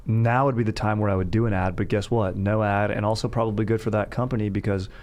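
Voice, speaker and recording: A man with a fairly low voice talks through a casual sports podcast. He rambles, jokes about himself and laughs often. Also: fairly even intonation, fast talker, darkish tone. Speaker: podcast host.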